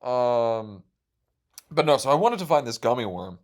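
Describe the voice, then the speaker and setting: Young male podcast host, rambling profane storyteller, excitable. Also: medium pitch, measured pace.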